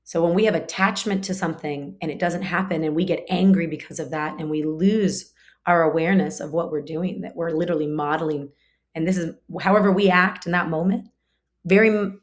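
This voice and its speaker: A woman teaching a spiritual class in a conversational way, full of fillers and restarts, now and then acting out short quoted lines. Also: lowish voice. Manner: acts out short quoted lines in her talk.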